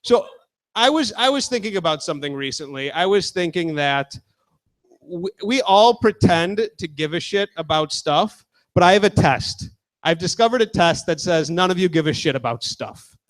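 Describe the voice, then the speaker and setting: A man. His voice sits high for a man, and his delivery is loose and crude. He keeps turning to the crowd to chat. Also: animated, moderate pace. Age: 20s. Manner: casual, crude, talks with the crowd. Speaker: stand-up comedian. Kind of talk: stand-up set.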